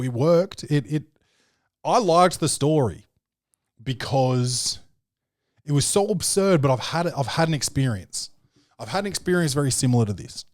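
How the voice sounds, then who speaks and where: An Australian man talks casually as a podcast host, rambling through a story with constant fillers and a lot of swearing. His voice sits at an ordinary middle pitch for a man. The recording is dry and close, with no room sound. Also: darkish tone, no room sound.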